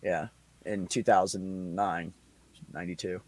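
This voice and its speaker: A man's voice: deep voice, steady tone, measured pace, a little mellow, no room sound. A middle-aged man telling a long family story in casual chat, rambling and swearing freely. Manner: rambling, profane, laughs between lines. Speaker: podcast host.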